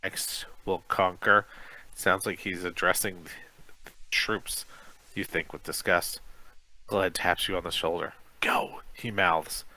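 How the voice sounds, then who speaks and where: A man's voice: deep voice, steady tone, measured pace, long pauses, bright, forceful tone, rough recording. A male podcast co-host reading a children's gamebook aloud in a casual way, sometimes stumbling over words.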